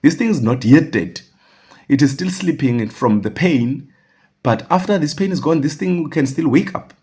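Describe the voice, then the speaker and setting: A man's voice: fairly high pitch, expressive, normal speed, a little mellow, husky, voice pushed up. A man voicing his older uncle, who is stern but caring and speaks with urgent, insistent repetition. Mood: explaining.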